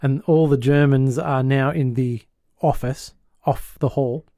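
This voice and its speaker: Podcast host, man, mellow and warm tone, dry close mic, animated storyteller who chuckles. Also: mid-range voice, unhurried, no room sound. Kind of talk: casual podcast chat retelling a sitcom episode.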